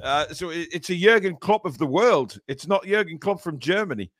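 A man's voice: a little high, lively intonation, normal speed, a bit bright, no echo. A man hosting a fan podcast in casual live chat, rambling and teasing with plenty of hesitations. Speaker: podcast host.

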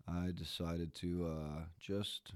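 A man's voice: low voice, fairly even intonation, slow pace, darkish tone, clean tone, no room sound. A man hosting a podcast, chatting casually in a groggy morning voice and rambling with lots of fillers and restarts. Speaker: podcast host.

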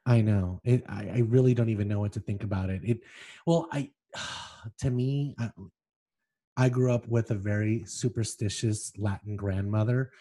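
A man's voice: lowish voice, normal speed, mellow. A man co-hosting a podcast, reading book passages aloud with feeling and chatting casually between them. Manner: reads excerpts aloud with feeling, then chats loosely. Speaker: podcast co-host.

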